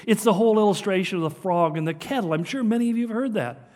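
A man's voice: high-pitched, fast, a little mellow. An older man from Southern California giving an earnest, emphatic sermon, his delivery rising and falling. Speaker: preacher. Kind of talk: sermon on prophecy.

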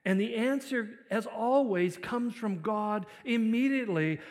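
A male pastor delivering a sermon, swinging between loud emphasis and quiet, reflective passages. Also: high-pitched, a little slow. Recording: long reverb of a large hall.

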